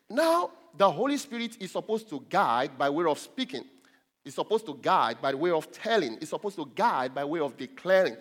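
Male pastor, slightly higher voice, emphatic sermon delivery, long hall reverb. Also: big pitch swings. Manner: emphatic, rising to loud stresses when quoting scripture, with filler pauses.

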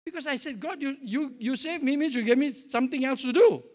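Man, pastor, sermon, very high pitch, jovial, storytelling. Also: fairly quick, darkish tone. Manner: jovial, storytelling with acted-out dialogue.

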